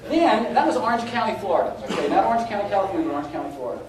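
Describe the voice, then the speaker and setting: A middle-aged man speaking at a conference, telling an anecdote with animated delivery and laughing at his own story. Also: high-pitched, rapid-fire, crowd noise. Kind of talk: live anecdotal talk. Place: conference hall. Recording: echoey live hall, taped from a distance with noise.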